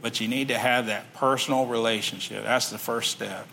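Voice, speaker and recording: A man's voice: medium pitch, steady tone, normal speed, gravelly, sharp tone, slight background noise. A man preaching a sermon, reading scripture aloud and then explaining it in plain everyday talk.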